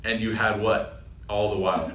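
A young man teaching an informal Quran reflection class, lively and joking, often asking the audience questions. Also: on the low side, normal speed. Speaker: Islamic teacher. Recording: roomy sound from a distant mic with faint ambient noise.

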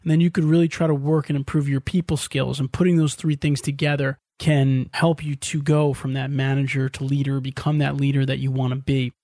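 A man hosting a podcast, asking questions and summarizing points in a clear, friendly way. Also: mid-range voice, flat delivery, brisk, hardly any pauses, mellow, no echo, studio quality. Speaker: podcast host.

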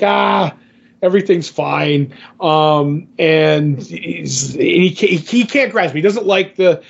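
A man's voice: fairly high pitch, creaky, lo-fi sound. A man co-hosting a podcast, chatting casually about comics and rambling through fillers and restarts. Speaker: podcast co-host. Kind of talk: casual comic book discussion.

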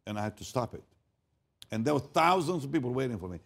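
An older man preaching in a storytelling way. His voice falls to a near hush and then rises loud for emphasis, and he doubles back on his words as he goes. His pitch sits in the middle range. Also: very animated, fast talker, creaky. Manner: dramatic swings from hushed to loud; repeats words and restarts. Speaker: pastor. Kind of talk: sermon storytelling.

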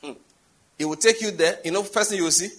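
Husky high-voiced Nigerian preacher. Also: male voice, quick pace. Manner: emphatic storytelling, often jumping high and loud for stress. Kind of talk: sermon.

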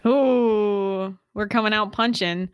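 A woman co-hosting a podcast in casual group chat, giggly and teasing with quick asides. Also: medium pitch, fairly even intonation, clear, resonant tone, no room sound, highs cut off. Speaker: podcast co-host.

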